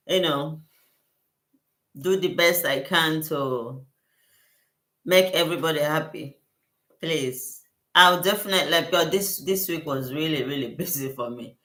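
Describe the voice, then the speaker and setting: A woman's voice: deep voice, fairly bright tone. A woman who works as a skincare consultant, hosting a casual livestream Q&A with viewers. She talks effusively, repeats herself and thanks her viewers often. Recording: roomy echo.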